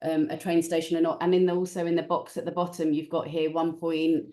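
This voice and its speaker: A woman's voice: low-pitched, level tone, a little fast, warm tone, reverberant, distant mic. A woman property investor, a guest in a casual interview, talking in a chatty, frank, plain-spoken way. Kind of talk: casual interview on a video call.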